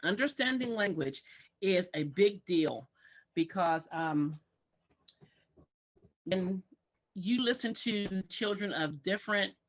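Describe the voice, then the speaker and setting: A woman's voice: medium pitch, takes it slowly, long pauses. A woman who works in early childhood education, speaking as a guest on a talk show and acting out parents and children in exaggerated voices. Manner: animated, acts out parents and kids in exaggerated voices.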